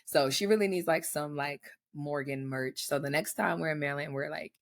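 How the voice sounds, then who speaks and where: A woman co-hosting a podcast, telling excitable stories in a chatty, slangy way. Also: deep voice, moderate pace. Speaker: podcast co-host. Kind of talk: casual chat.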